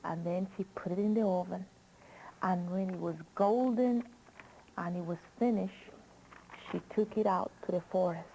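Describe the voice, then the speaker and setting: A woman's voice: lowish voice, steady tone, dark tone, slight background noise, rough recording. A woman reading a children's story aloud, drawing out her words and asking the listener questions. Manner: slow, drawn-out with questions to the listener.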